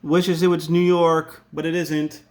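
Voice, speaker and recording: A man's voice: fairly high pitch, level tone, unhurried, a little mellow. A man with a Rhode Island accent teaching a casual classroom lesson, chatty and full of joking asides.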